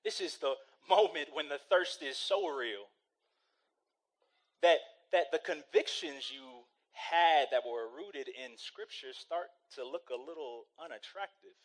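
A man's voice: fairly high pitch, unhurried, rough recording. A male pastor preaching a sermon in a conversational, storytelling way, often checking in with "right?".

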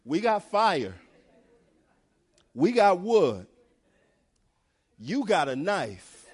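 A man's voice: sits high, very animated, very slow, a little mellow, husky, exaggerated voice. A man voicing young Isaac as a wary, joking son who talks in casual slang. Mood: joking uneasy.

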